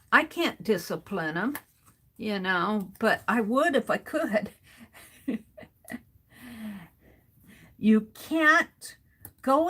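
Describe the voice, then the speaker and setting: Slow-talking bright-voiced woman chuckling often. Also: fairly high pitch. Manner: rambling, chuckles often between sentences. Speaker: art journaling livestream host. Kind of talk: casual storytelling while crafting.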